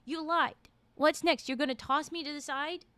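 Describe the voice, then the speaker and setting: A woman's voice: high voice, steady tone, normal speed, pushed and bright, dry recording. A woman voicing a chatty young woman who feels betrayed by someone she trusted, read aloud in a story. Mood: hurt, angry. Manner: chatty, turns bitter. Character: young woman, friendly, then betrayed and angry.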